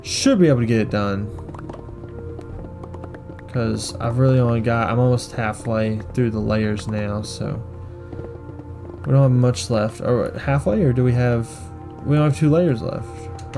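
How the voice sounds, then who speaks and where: A man's voice: medium pitch, fairly even intonation, unhurried, over music. Rambling young man, gameplay commentary. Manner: rambling, joking, self-mocking. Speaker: gaming streamer.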